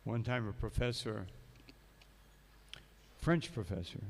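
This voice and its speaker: This monk speaks slowly in a voice on the low side, with a little hiss or hum on the recording, during a morning sermon. He tells stories and follows passages read aloud with asides, his words echoing through a long temple hall.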